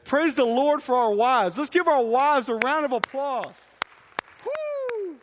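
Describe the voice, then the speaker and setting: A young man preaching in a church sanctuary, his fast, excitable, joking delivery carrying a long reverb tail. His voice sits high for a man and bursts with enthusiasm. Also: crowd noise, background noise. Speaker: student ministry pastor. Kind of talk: energetic sermon.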